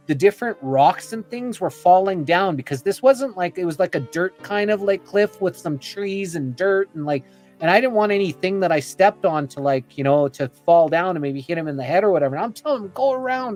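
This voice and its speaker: A man's voice: high voice, animated, fairly quick, darkish tone, soft background music. A man on a podcast telling a long personal story in a chatty, rambling way, full of "you know" and "like," acting out what people said. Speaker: podcast guest.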